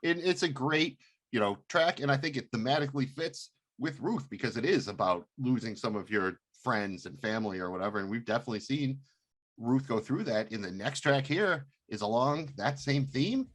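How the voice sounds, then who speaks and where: A man co-hosting a casual podcast, talking in a relaxed, rambling way. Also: medium pitch, moderate pace. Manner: relaxed, rambling, lots of fillers. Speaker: podcast co-host.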